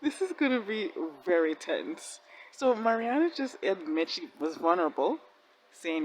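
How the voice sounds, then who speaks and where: A woman hosting a reaction video, giving casual commentary in an excitable way, laughing often and talking back at the screen. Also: medium pitch, moderate pace, a little hiss or hum, low-quality recording.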